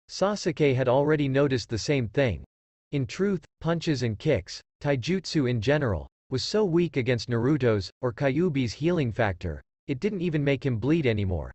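A man reads a fan fiction story aloud in a steady storytelling manner. His pitch moves with lively swings, and the sound is dry and close to the mic. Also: normal speed, no room sound. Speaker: story reader.

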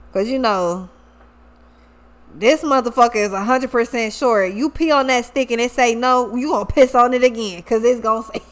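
A woman giving a casual tarot reading in profane, slangy, animated talk. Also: a little high. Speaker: tarot reader.

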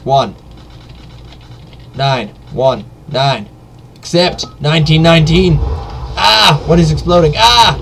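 A man giving joking live commentary while playing a game, yelping and shouting during fights. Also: fairly high pitch, takes it slowly, vocal fry, long pauses, a little hiss or hum. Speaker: let's play gamer.

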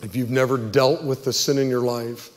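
A man's voice: mid-range voice, fairly even intonation, normal speed. Male pastor, mid-range voice, earnest pleading sermon, long church reverb. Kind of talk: sermon altar call and prayer. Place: church sanctuary.

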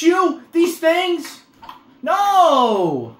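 A woman playing a video game and commenting as she goes, frustrated, swearing a lot and yelling at the game. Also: medium pitch, sing-song, normal speed. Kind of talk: let's-play commentary. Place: room at home while playing a motion-control console. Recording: echoey room with faint game music.

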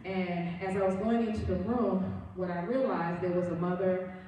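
A woman's voice: fairly low pitch, steady tone, moderate pace, distant mic, dull audio, a little hiss or hum. A woman minister preaching a sermon in a church, telling a story with earnest emphasis. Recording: very echoey room, voice from afar.

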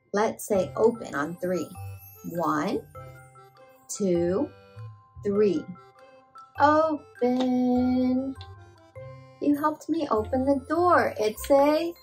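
A woman's voice: a little high, fairly bright tone. A woman hosting a toddler show, asking the viewer simple questions and making animal sounds. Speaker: children's show host. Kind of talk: slow sing-song talk to toddlers.

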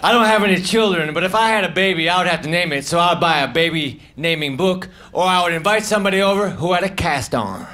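A man doing a stand-up comedy set on a club stage, delivering deadpan, offhand one-liners into a handheld mic. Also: fast talker, hardly any pauses. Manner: deadpan, offhand one-liners, drifts into low muttered asides. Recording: live club recording with audience noise. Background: audience laughter.

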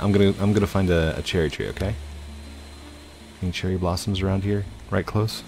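A man's voice: sits low, steady tone, fairly quick, darkish tone, a little hiss or hum. A man hosting casual let's-play commentary at his home computer, chatting to viewers and narrating his own moves. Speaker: gaming channel host.

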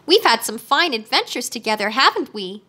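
A woman's voice: on the high side, sing-song, moderate pace, pushed and bright, husky, full character voice. A woman voicing a big, timid male lion who speaks meekly in a storybook reading. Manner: meek.

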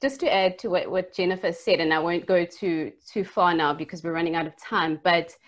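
Woman, a low-ish voice, earnest advising panelist on a video call. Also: fairly quick. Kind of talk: online panel discussion.

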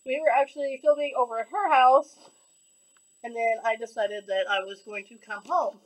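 A woman's voice: a little high, steady tone, moderate pace, recorded from a distance, low-quality recording. A woman vlogging from her couch at home, gushing and upbeat, a little out of breath. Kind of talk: casual vlog outro.

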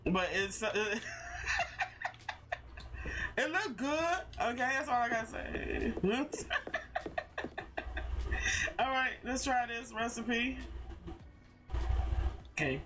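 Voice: mid-range voice, very slow, long pauses. A streamer chatting casually while playing a cooking game, talking to self and viewers, laughing a lot and swearing when things go wrong. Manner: talks to self and chat, laughs often, curses when frustrated. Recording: clicking and steady noise behind.

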